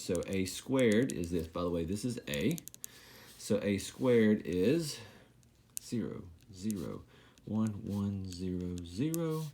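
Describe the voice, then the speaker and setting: A man's voice: low-pitched, mellow, a little hiss or hum. A man teaching a recorded math lesson, making joking, self-deprecating asides while he writes.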